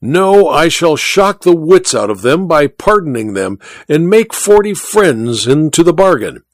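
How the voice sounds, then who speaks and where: A man's voice: a little high, big pitch swings, unhurried, no echo, pitched above the performer's own voice. A sardonic, imperious old duke, as a man reads him aloud, lifting his voice above the narration and swinging it widely as he commands. The delivery is haughty and theatrical, recorded close and dry. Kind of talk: audiobook reading.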